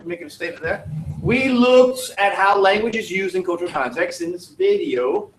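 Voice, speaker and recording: A man's voice: high-pitched, moderate pace, a little hiss or hum. Wry male teacher in an echoey classroom. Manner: wry, joking asides while reading aloud. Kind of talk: classroom feedback on student work. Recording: echoey classroom, distant mic.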